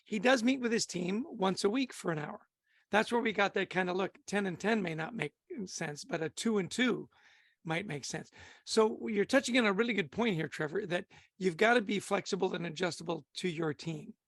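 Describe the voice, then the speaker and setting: High gravelly man leading a training call. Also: moderate pace, no room sound. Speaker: leadership trainer.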